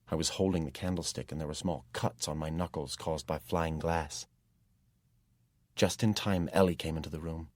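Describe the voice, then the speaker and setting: Steady and measured, a man narrates a first-person fantasy audiobook in a very deep, slightly husky voice. It's a close, dry recording without any room sound.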